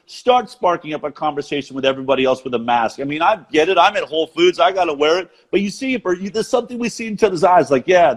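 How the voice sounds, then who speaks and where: A middle-aged American man with an American accent, earnestly making his case in a rousing conversational monologue on a video call. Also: a little high. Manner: earnest, rousing, repeats words when excited. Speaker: show host being interviewed.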